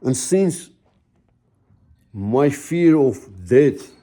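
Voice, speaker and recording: A middle-aged man telling a personal story slowly and haltingly, searching for words with many fillers. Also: mid-range voice, expressive, dark tone. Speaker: guest telling his own story.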